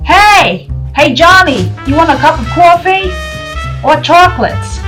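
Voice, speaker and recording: A brash, hollering New York mother, put on by a woman vlogger, her voice pitched up high and loud. The thick put-on New York accent stretches every vowel. She sounds like she is yelling across a busy street. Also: lively intonation, unhurried, faint music behind, full character voice. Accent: imitated New York. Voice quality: shouty, exaggerated vowels.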